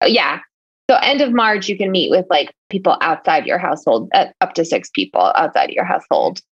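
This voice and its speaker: A woman's voice: on the low side, big pitch swings, a little fast, husky, muffled recording. A woman co-hosting a podcast, chatting casually, rambling with lots of "like" and laughing often. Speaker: podcast co-host.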